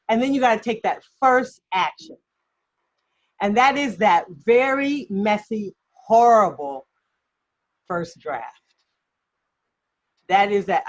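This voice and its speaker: Over a video call, a woman acting coach runs through a mini lesson, chatty and self-deprecating and laughing along the way. Her pitch is mid-range, and the call audio comes across dull and lo-fi.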